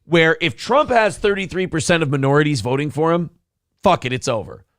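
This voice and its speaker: A man's voice: fairly high pitch, animated, fairly quick, a bit bright, no room sound, studio quality. A man co-hosting a casual morning talk show, blunt and sarcastic, with plenty of swearing. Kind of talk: casual political talk show, reading chat comments.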